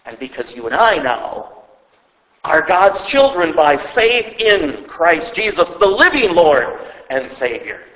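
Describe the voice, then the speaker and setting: A man's voice: fairly high pitch, very animated, slow, a bit bright, roomy sound, in a large hall, poor audio. A man preaching a sermon as pastor, speaking emphatically and asking the listeners rhetorical questions, sometimes repeating words as he goes. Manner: stumbles and repeats words when speaking off the cuff.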